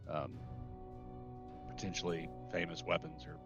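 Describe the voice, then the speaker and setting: A man's voice: rumbling low, level tone, measured pace, creaky, music in the background. A man playing a tabletop role-playing game, talking casually in character. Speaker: player. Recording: dull lo-fi mic.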